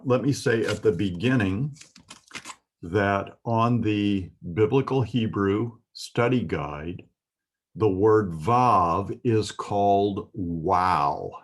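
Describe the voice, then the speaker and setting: A man with a very deep voice walks through a Biblical Hebrew lesson. He speaks slowly and methodically, pausing with the odd "uh" as he explains each letter. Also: slightly rough. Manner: slow, methodical explaining with fillers. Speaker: Bible language teacher.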